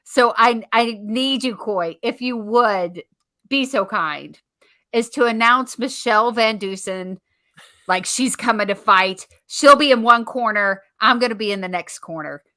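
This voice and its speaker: A woman's voice: fairly high pitch, a little slow, sharp tone. A woman co-hosting a podcast, chatting casually and giggling at her own jokes. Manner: giggly, self-deprecating. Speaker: podcast co-host.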